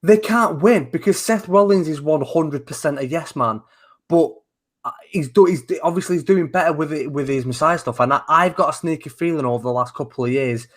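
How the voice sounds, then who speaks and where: A man co-hosting a wrestling talk show, talking in a casual, animated way that is full of swearing and false starts. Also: a little high, fairly quick. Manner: animated, swearing, rambling with many restarts. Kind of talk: casual chat.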